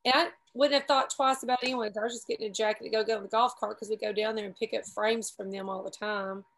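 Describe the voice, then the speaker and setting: A middle-aged woman tells a long, rambling story to friends, with a slightly high voice. She talks casually and often laughs at herself along the way. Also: fairly even intonation, fast, a bit bright, rough recording. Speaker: paramotor pilot telling a story. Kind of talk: casual group chat.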